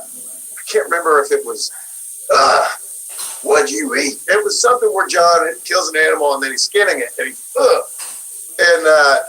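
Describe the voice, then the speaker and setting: Guest voice actor: bright, lively man, higher voice, storytelling, quick to laugh. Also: slight background noise, low-quality recording. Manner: animated storyteller, laughs often. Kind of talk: casual interview chat.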